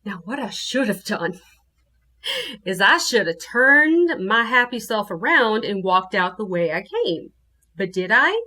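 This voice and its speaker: Lively woman telling a ghost story. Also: mid-range voice, measured pace. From New Orleans, USA. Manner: animated, acts out her own quotes. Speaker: guest storyteller.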